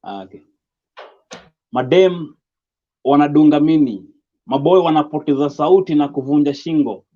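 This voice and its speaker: A young Kenyan man with a Kenyan accent performs spoken word poetry, his rhythmic, rhyming lines coming fairly quickly in a somewhat high voice. The recording is dull and lo-fi.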